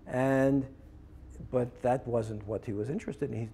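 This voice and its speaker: A man's voice: medium pitch, fairly even intonation, moderate pace, mellow, slightly rough. A man teaching process work, telling a story as a lecture and acting out both sides of the dialogue.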